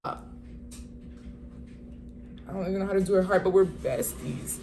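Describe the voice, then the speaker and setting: Animated slangy woman telling a story. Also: medium pitch, moderate pace, pauses often, slight background noise. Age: 20s. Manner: animated, slangy, exasperated retelling. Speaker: vlogger. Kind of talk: casual storytime.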